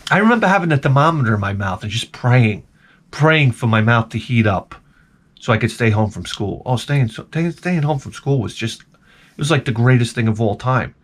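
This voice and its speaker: A man vlogging in a rambling comic monologue, animated and swearing freely as he slips into mocking voices. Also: medium pitch, moderate pace, a little hiss or hum.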